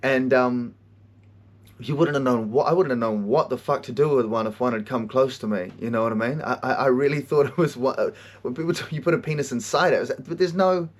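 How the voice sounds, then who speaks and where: A man hosting a podcast, telling stories in an animated way, swearing a lot and often laughing. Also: medium pitch, a little fast. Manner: animated storytelling, heavy swearing, frequent laughter. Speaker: podcast host and counselor. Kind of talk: casual monologue.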